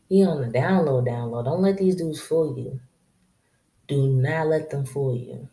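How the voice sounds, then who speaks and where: A woman's voice: low-pitched, warm tone. A woman hosting a casual solo podcast, giving blunt, straight-talking advice to women in a drawling, slangy way and laughing to herself. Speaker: podcast host.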